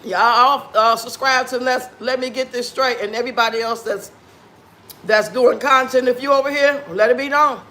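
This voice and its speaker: High, bright-voiced sassy man livestreaming. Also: steady tone, normal speed. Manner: sassy, blunt trash talk to chat viewers; talks with food in his mouth. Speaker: livestream host. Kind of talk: casual livestream chat while eating.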